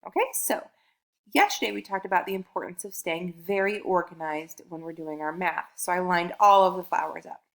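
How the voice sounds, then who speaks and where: A young woman teaching a recorded math lesson to kindergarteners, upbeat and encouraging, counting aloud slowly and drawing out key sentences. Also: lowish voice, vocal fry, fairly bright tone.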